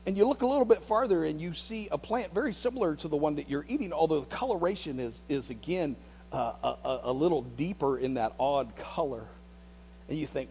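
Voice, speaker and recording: A male pastor preaching a sermon as a vivid story, often repeating words and dropping into hushed tones. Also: fairly high pitch, expressive, brisk, creaky, slight background noise, poor audio.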